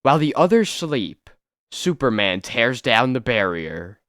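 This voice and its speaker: Slow, dry-voiced comic book narrator. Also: male voice, medium pitch, sing-song, fairly bright tone, clean tone, no room sound. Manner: dramatic storytelling delivery. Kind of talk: scripted narration.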